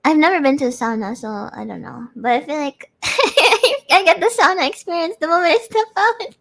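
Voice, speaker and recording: A woman's voice: sits high, normal speed, gravelly, a bit bright. A woman chatting casually with her audience, giggling often. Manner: giggly, chatty, frequent laughter. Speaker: streamer hosting a live audio space. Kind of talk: casual chat reading audience comments.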